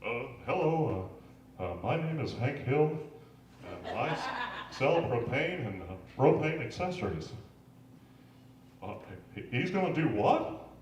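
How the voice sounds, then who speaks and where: A man doing a halting propane salesman. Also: medium pitch, very animated, lo-fi sound, slight background noise. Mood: bewildered. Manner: halting with many uhs. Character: slow-talking propane salesman, middle-aged man, hesitant. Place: comedy club stage. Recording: echoey room from far off.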